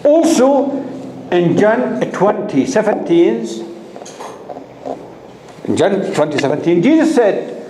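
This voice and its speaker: Slow-talking man teaching a class. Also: high voice, very animated, dark tone. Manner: asks the class questions and repeats key terms. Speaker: instructor. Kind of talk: classroom lecture. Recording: echoey room with faint noise.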